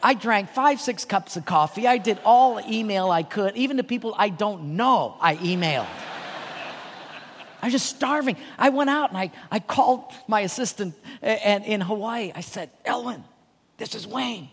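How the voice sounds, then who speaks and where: A man speaking as a pastor at a leadership conference, telling a lively personal story and laughing along with it. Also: high-pitched, normal speed, slight background noise. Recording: long hall reverb.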